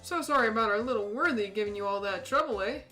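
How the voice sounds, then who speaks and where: A woman voicing a jovial middle-aged male police chief who talks in a slow, booming, folksy way. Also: bright, forceful tone, soft background music. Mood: jolly.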